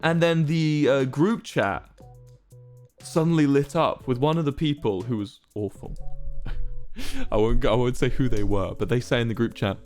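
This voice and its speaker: A man's voice: mid-range voice, normal speed, a little mellow, faint music behind. A young man, a streamer telling rambling, self-amused stories to his chat. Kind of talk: casual storytelling to chat.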